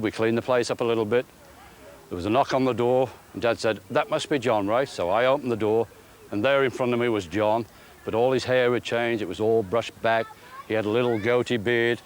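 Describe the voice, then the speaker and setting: A man's voice: mid-range voice, slight background noise. A man recalling a family memory of his brother in an interview, telling it plainly and acting out remembered dialogue. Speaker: brother of the subject.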